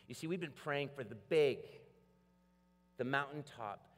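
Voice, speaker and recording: A man preaching a sermon, telling a story with lively acted-out voices. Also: medium pitch, measured pace. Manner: animated storytelling, acts out voices. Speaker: pastor. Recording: long hall reverb.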